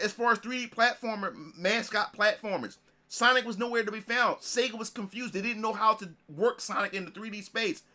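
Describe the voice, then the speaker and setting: A man in his thirties, a gaming streamer, reminiscing in casual commentary, excitable and repetitive, swearing and restarting his sentences. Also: high-pitched.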